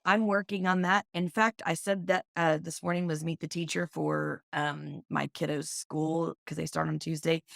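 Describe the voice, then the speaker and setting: Gravelly-voiced middle-aged woman telling stories. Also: low voice, moderate pace, few pauses, no room sound, clean studio sound. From Oklahoma, US. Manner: lively storyteller, animated in quoted speech. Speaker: guest, business owner. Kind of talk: casual interview chat.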